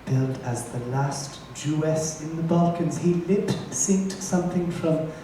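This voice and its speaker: A man's voice: fairly high pitch, measured pace, a little hiss or hum, natural voice. A man playing a brash, campy glam rock drag diva who teases her band and audience in live stage musical banter. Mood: wry. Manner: camp, sardonic, teasing the band and audience. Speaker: stage show frontwoman. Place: large theater stage. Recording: echoey live theater from far off with loud audience.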